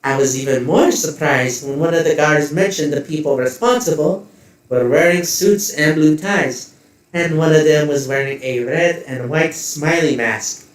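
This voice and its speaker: A man voicing a poised, smiling female corporate executive who speaks politely while making quiet threats. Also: a little high, heavy reverb, far from the mic, voice pushed up, natural voice. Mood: cool, pointed. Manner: polite, measured, coolly threatening.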